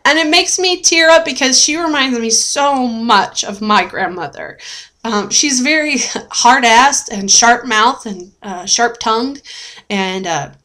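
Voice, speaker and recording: A woman's voice: a little high, animated, slow, sharp tone. A young adult woman talking in a casual video diary, chatty and rambling with lots of fillers, often laughing and getting emotional. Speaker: vlogger sharing a weight-loss journey.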